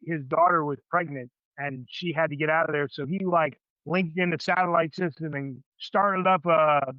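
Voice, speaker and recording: A man's voice: a little high, no echo, muffled recording. Fifties guy rambling on emphatic, says man every other line, bone dry sound. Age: 50s. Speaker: veteran guest. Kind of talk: casual podcast conversation.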